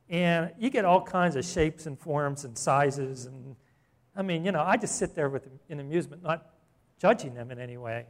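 A middle-aged man preaching a sermon in a slightly higher voice. He talks to the congregation conversationally, then presses his points with fervent emphasis. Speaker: pastor.

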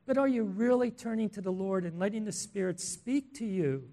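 A man preaching a sermon in an earnest, emphatic way, asking the listeners questions and swelling in loudness on key words. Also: high voice, expressive, normal speed.

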